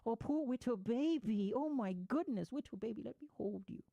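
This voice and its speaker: A man's voice: very high-pitched, animated, normal speed, vocal fry, dark tone, dry recording, lo-fi sound, voice pushed up, full character voice. A man putting on a cooing, doting parent's baby talk.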